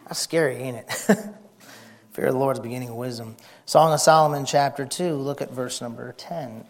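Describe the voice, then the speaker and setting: A man preaching a folksy, excitable sermon, shouting and whispering for effect. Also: medium pitch, a little fast, creaky.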